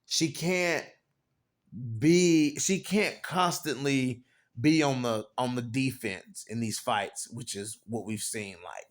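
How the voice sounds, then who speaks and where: A man's voice: medium pitch, takes it slowly. A man hosting his own fight commentary channel, talking casually in slang and repeating "you know what I'm saying" as he breaks down an upcoming bout. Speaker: MMA commentary host.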